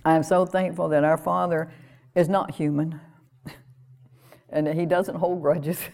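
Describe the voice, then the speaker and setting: A woman preaching a sermon in an earnest, conversational way, repeating phrases and laughing softly now and then. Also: low-pitched, steady tone, measured pace, creaky.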